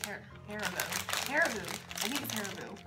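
A young woman joining a casual candy taste test, teasing and playful with quick giggles. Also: mid-range voice, lively intonation, loud music behind the voice. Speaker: guest co-taster.

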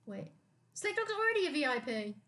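A woman's voice: high-pitched, very animated, a little fast, sharp tone. A young woman streaming a game, chatting casually and reading chat aloud.

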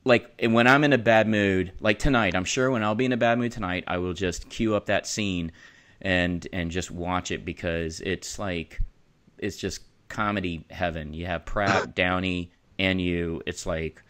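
A man co-hosting a casual podcast chat, excitable and quick to burst out laughing. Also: deep voice. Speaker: podcast co-host.

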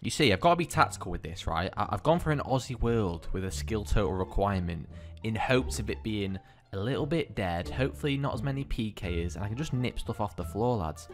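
A man's voice: fairly low pitch, a little fast, faint music behind. A man hosting a gaming channel, swearing and joking as he commentates his own gameplay. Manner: excitable, swearing, jokey banter.

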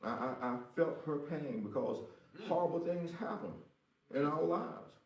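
A man's voice: fairly high pitch, animated, measured pace, dull audio. A man preaching a sermon as pastor, emphatic, repeating his phrases and speaking straight to the congregation. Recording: roomy echo.

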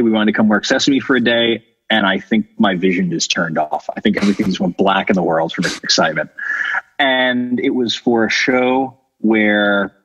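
A young man, a puppeteer, telling an excited, funny story and laughing easily. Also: fairly low pitch, breathy edge, lo-fi sound. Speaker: puppeteer mentee. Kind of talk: casual anecdote.

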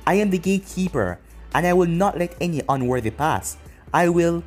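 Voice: mid-range voice, lively intonation, normal speed, darkish tone, soft background music, natural voice. A storyteller voicing a proud, menacing three-headed gatekeeper dog in a fan story. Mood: commanding. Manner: haughty, commanding.

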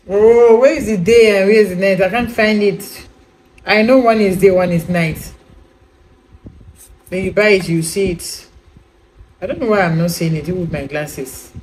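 A woman's voice: mid-range voice, slight background noise, low-quality recording. Woman vlogging a skincare review, talks loose and rambly, keeps asking do you understand. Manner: chatty, rambling, with many repeated "you know" fillers; addresses viewers directly, asks if they understand. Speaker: beauty product reviewer. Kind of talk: casual product review vlog.

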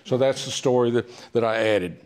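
A man giving an author talk in a library, telling history stories in a chatty, humorous way with many pauses and "uh"s. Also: mid-range voice, darkish tone, smooth. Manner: chatty, humorous, with frequent "uh" fillers. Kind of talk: casual storytelling talk. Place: public library meeting room.

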